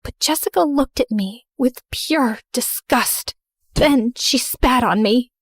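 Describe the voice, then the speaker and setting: A woman's voice: fairly high pitch, slow pace, dry recording, studio quality. Woman narrating a dramatic story. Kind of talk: scripted first-person story narration.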